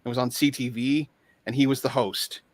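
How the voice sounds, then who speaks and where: A man chatting casually as a guest, talking haltingly with many fillers and restarts over a video call. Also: medium pitch, steady tone. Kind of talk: casual chat.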